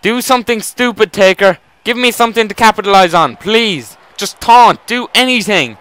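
A young man commentating his own wrestling video game match live, excitable and swearing, shouting at the screen. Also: high-pitched, moderate pace, clear, resonant tone.

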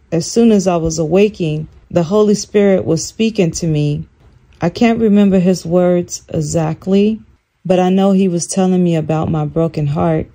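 Older woman telling a story, mellow voice. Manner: animated, acts out quoted lines in a higher voice. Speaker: channel host. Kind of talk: casual storytelling.

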